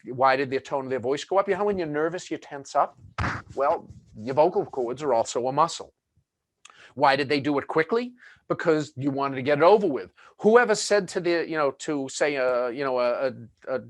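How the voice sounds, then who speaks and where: A man's voice: a little high, lively intonation, a little fast, no room sound. A man presenting a webinar in a chatty, conversational way, full of fillers and asides.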